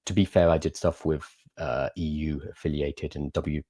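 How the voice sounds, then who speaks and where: A man's voice: rumbling low, steady tone, normal speed, dark tone, no echo, clean studio sound. A young man hosting a livestream, chatting casually and answering viewer questions in an explanatory way. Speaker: livestream host.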